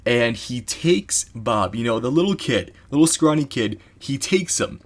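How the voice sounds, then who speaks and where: A man telling a story in a casual vlog, rambling and excitable, packing his talk with "you know" asides. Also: mid-range voice, a little slow.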